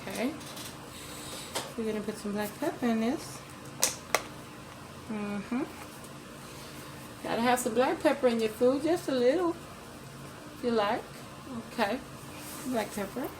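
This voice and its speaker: Her voice is fairly high and animated, a little slow and full of pauses, as this woman gives a casual cooking demo at home for her vlog. She chats to viewers as "you guys," repeating each ingredient's name as she adds it, and background noise can be heard.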